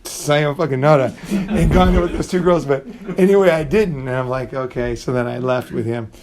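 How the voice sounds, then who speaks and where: A man's voice: mid-range voice, fairly even intonation, normal speed, a crowd in the background. A middle-aged man telling a rambling, profane story in casual talk, often restarting sentences and acting out what people said. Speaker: channel host.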